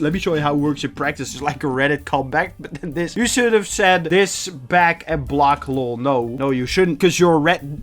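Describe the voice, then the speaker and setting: A man's voice: a little high, fairly bright tone. A young man hosting a casual reaction video, reading posts aloud with chatty, sarcastic commentary and frequent laughs. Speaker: YouTube reaction host.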